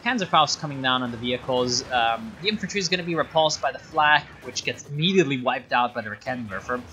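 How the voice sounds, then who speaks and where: A man's voice: mid-range voice, lively intonation, fast, pushed and bright, slight background noise. A man casting a strategy game replay in a sarcastic, rambling way, full of fillers and asides. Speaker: game caster. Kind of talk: casual game commentary.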